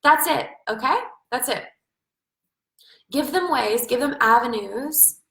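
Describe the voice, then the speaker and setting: A woman's voice: high voice, expressive, slow, gravelly, pauses often, fairly bright tone, echoey room, poor audio. A woman business coach hosting a live stream Q&A, effusive and spiritual, swearing casually as she encourages viewers.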